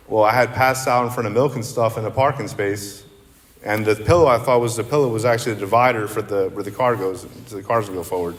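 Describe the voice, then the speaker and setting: A man's voice: mid-range voice, a little fast. Male speaker at a recovery meeting, middle voice, candid and rambling, with long reverb from the meeting hall. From central New Jersey. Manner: rambling, candid, self-deprecating. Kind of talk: personal recovery talk.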